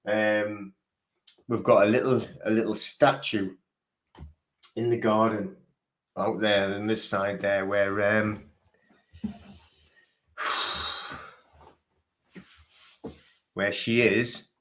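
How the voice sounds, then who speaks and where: Halting, emotional man on a livestream. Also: fairly low pitch, little pitch movement, a bit bright. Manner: halting, rambling, with many fillers. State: emotional, grieving. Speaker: livestream host. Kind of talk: casual live-stream chat.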